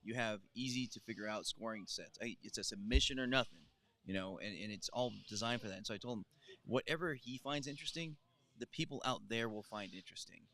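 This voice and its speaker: A man's voice: mid-range voice, quick pace, a bit bright. A man, a grappling commentator, explaining earnestly in casual post-show chat.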